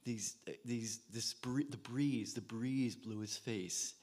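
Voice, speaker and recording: A man in his seventies telling a soft-spoken story at an open mic, his voice drifting quieter as he restarts phrases. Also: mid-range voice, slow. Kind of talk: spoken storytelling before a song.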